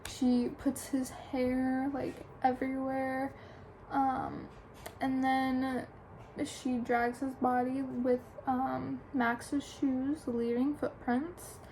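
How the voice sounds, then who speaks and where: A woman's voice: high-pitched, level tone, drawn-out words, darkish tone, a little hiss or hum, rough recording. A young adult woman chattily retelling a book's plot for a review, full of "like" and "um". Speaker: book reviewer. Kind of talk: casual plot recap.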